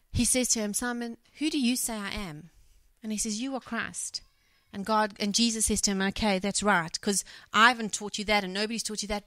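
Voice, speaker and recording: A woman's voice: medium pitch, fairly bright tone, dry recording. A woman preaching a sermon, reading a scripture passage and then retelling it in her own words with acted quotes, correcting herself as she goes. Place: church.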